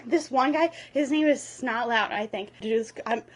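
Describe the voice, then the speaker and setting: A woman's voice: a little high, moderate pace. A woman vlogger giving a comedic movie retelling from memory, casual, profane and rambling.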